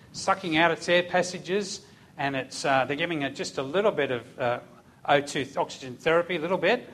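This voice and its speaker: An older Australian man, a police officer, telling a lively testimony story in church and acting out the voices. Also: high voice.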